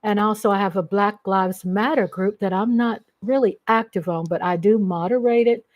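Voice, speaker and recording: A middle-aged woman from Texas with a Texan accent, hosting a casual livestream and gushing shout-outs to her viewers. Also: medium pitch, normal speed. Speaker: livestream host.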